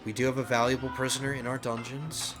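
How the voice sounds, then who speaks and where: A man talks through his strategy game in a casual let's play, thinking aloud and getting excited, often stumbling and restarting his sentences. His voice sits at an ordinary pitch. Game music plays clearly underneath him. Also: fast talker. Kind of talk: casual gameplay commentary.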